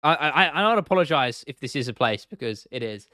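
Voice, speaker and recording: A man's voice: mid-range voice, animated, fast talker, bright, forceful tone, no echo, studio quality. Casual English man chatting on stream. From England. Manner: casual and chatty, swears freely, reads chat aloud. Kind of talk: casual live stream chat.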